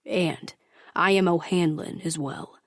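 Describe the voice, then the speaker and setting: A woman's voice: fairly low pitch, steady tone, slow, no room sound, clean studio sound. A woman voicing a cold, commanding male mafia boss who speaks in clipped, controlled lines.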